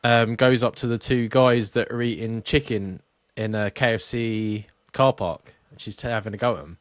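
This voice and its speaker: A man's voice: on the low side, moderate pace, dry recording. Sweary man with a dry close sound. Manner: animated, sweary retelling of clips. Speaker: podcast co-host. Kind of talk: casual chat.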